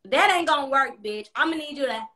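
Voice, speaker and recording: A woman's voice: high voice, animated, a little fast, bright, forceful tone. A young woman livestreaming from her apartment, telling a personal story in a blunt, profane, chatty way. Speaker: live streamer. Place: apartment room at home.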